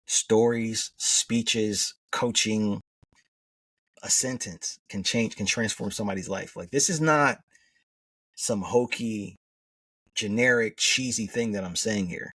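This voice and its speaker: Middle-aged man, coach guest. Earnest storyteller, husky and low, recorded dry from a bit back from the mic. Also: slow, sharp tone, no echo, recorded from a distance. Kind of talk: conversational podcast interview.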